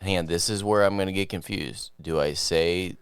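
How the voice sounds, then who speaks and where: A man's voice: low-pitched, moderate pace, clear, resonant tone, no room sound, clean studio sound. A man co-hosting a podcast in casual chat, rambling, trailing off mid-sentence and laughing often. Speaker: podcast co-host.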